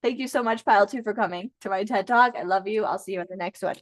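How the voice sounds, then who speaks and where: A woman's voice: medium pitch, quick pace, dry recording. A woman in her thirties doing a casual tarot card reading for viewers, talking in a playful way and joking and swearing as she goes. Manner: chatty and playful, jokes, laughs and swears often.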